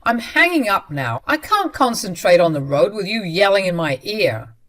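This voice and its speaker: An impatient husband who brushes everyone off, read by a woman narrator. The lines come out higher and louder than the narration around them, in a plain storybook reading. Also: big pitch swings, normal speed, lightly acted. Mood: dismissive. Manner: dismissive, impatient. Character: dismissive husband, adult man.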